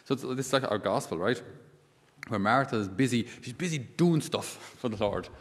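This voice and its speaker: A man's voice: medium pitch, expressive, moderate pace, in a large hall. A man, a priest giving a conversational sermon full of asides and rhetorical questions.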